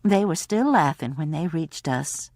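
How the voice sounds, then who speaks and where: A woman's voice: low-pitched, lively intonation, unhurried, a little mellow, no echo, clean studio sound. Woman reading a cozy mystery aloud. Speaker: audiobook narrator. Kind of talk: scripted narration.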